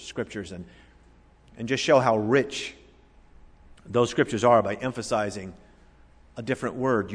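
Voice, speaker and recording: A pastor from Florida preaching a sermon, with emphatic swings between loud declarations and hushed, drawn-out words. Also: male voice, mid-range voice. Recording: long hall reverb.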